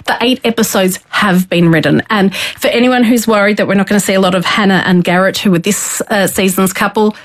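A woman's voice: mid-range voice, a little fast, hardly any pauses. A woman chatting as a guest on a radio show, enthusiastic and a bit rambling, in a studio.

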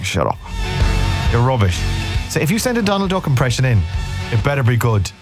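An Irish man hosts a radio show from a studio, chatting casually, teasing listeners and rambling through the day's topics. His medium-pitched voice swings widely in pitch and moves fairly quickly over music.

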